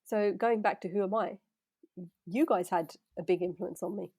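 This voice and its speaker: A woman co-hosting a relaxed podcast with her sister. She has a sarcastic, teasing manner and keeps the conversation light. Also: medium pitch, normal speed, husky. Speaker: podcast co-host. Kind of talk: casual chat.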